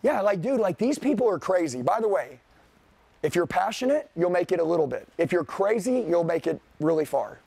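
A man's voice: high voice, very animated, fairly quick, creaky, mellow, husky, dry recording. A man giving a motivational sales seminar to a live audience, talking bluntly and profanely. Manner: profane, blunt, fired-up, addresses the crowd directly. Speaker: sales trainer.

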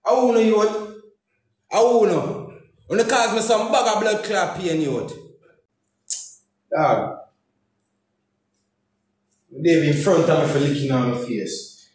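A man's voice: high voice, slow, long pauses, darkish tone. Ranting Jamaican man in an echoey room. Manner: heated, cursing, repeating phrases in Jamaican Patois. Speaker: comedian and YouTuber. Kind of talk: angry social media rant.

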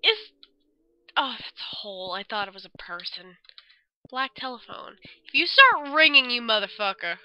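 A young woman casually commenting as she plays a game, reacting loudly and swearing freely. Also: a little high, normal speed, low-quality recording. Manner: expressive and swearing, reads dialogue aloud. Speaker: let's play gamer.

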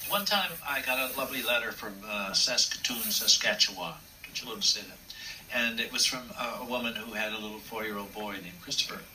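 Older puppeteer guy telling stories, lowish voice, kinda far from the mic. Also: fast. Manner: warm, anecdotal, acts out quotes. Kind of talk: reminiscing interview storytelling. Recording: distant mic with faint room noise.

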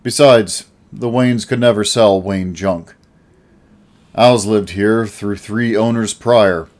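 A man narrating an audiobook in the first person with a steady storytelling delivery. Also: on the low side, slow pace.

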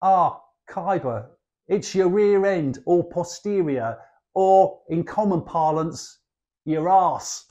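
Slow and warm with a high pitch, this older man speaks with an East End Cockney accent. As a guest dialect speaker in a lesson, he explains slang in a chatty, cheeky way full of playful asides.

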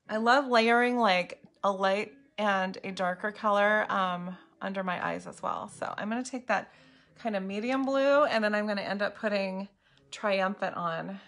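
A woman's voice: mid-range voice, fairly bright tone. Chatty woman hosting a makeup livestream. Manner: chatty, bubbly, talks to viewers by name. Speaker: makeup seller hosting a live video. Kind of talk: casual live makeup tutorial. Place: home room lit by ring light and window light.

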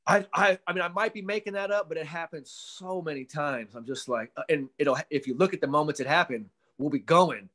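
Animated man swearing casually over video call. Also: fairly high pitch, a little fast, hardly any pauses. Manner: animated storytelling, swears casually, acts out quotes. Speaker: mental performance coach, guest.

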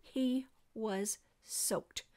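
A woman reading a children's book aloud in an expressive, lively storytelling manner. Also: fairly high pitch, very slow.

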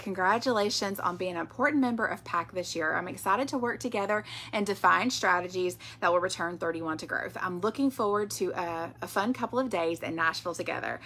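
Lady rambling on about bags, crisp voice, bit of room noise behind. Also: mid-range voice, bright, forceful tone. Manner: chatty, rambling with fillers. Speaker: direct sales director. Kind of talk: casual product vlog.

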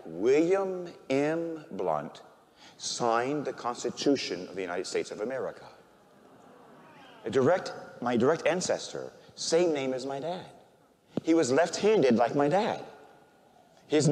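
In a large hall, an older priest with a medium-pitched voice preaches a sermon built around an emotional personal story. He shifts from loud proclamation to quiet speech that sounds close to tears.

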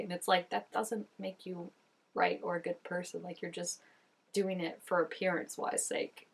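Young woman, breathy husky voice, casual reaction-video chatter, filler-heavy talk. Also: fairly low pitch, flat delivery, moderate pace.

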